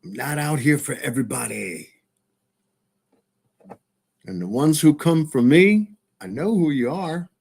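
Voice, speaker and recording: A man hosting his live stream, signing off in a relaxed, chatty way and laughing often. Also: a little high, a little slow, vocal fry, pauses often. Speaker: host of a live show. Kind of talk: casual live-stream sign-off.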